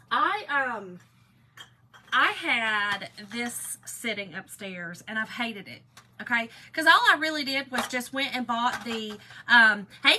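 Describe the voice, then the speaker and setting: Woman, craft livestream host, excitable chatter, bright voice, slightly high. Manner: chatty, greets viewers by name, excitable. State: one ear still muffled. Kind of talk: casual live-stream chat.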